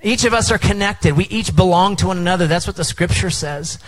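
A man's voice: high voice, a little fast, poor audio. A middle-aged man preaching a sermon as pastor, engaging the crowd with call-and-response at an outdoor tent service.

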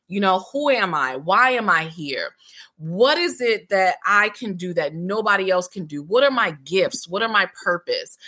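A woman in her forties tells her own story as an interview guest, her voice bright and ringing. She talks candidly and animatedly, jumping her pitch up to act out what was said to her. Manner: animated, acts out past dialogue with big pitch jumps. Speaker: interview guest, healing center founder.

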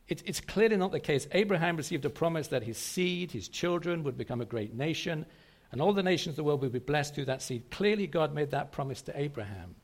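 A man's voice: a little high, expressive, brisk. A man preaching a sermon to a congregation, emphatic and repetitive, often asking rhetorical questions. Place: church service.

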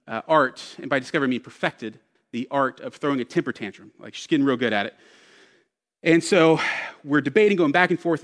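A man's voice: on the high side, a bit bright, in a large hall. A man in his thirties preaching a sermon, telling a personal story with self-deprecating humor. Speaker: pastor.

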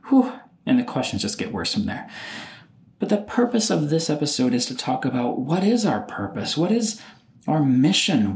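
A man talks through his own podcast in a loose, animated way, jumping into other people's voices as he tells stories. His pitch swings widely from phrase to phrase. The recording carries a noticeable roomy echo. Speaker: podcast host. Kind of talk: solo podcast monologue.

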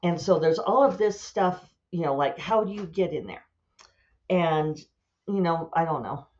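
Low-voiced woman chatting casually. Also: expressive, unhurried, a little mellow, highs cut off. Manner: rambling, self-amused, thinks aloud. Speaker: author and podcast host. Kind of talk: casual solo chat.

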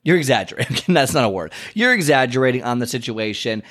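A man who works as a fitness and health coach, talking casually to camera about why people miss their goals. He tells stories animatedly, keeps checking in with "okay?" and "you know", and jumps up in pitch when he acts out conversations. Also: brisk. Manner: animated storyteller, acts out clients and himself with big pitch jumps. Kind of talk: casual talking-head advice.

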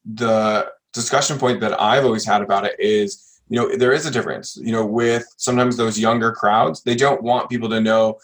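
A man's voice: fairly low pitch, steady tone, normal speed, few pauses. A man hosting a podcast, talking earnestly through advice and often checking in with "right?". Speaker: podcast host. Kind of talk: casual podcast chat.

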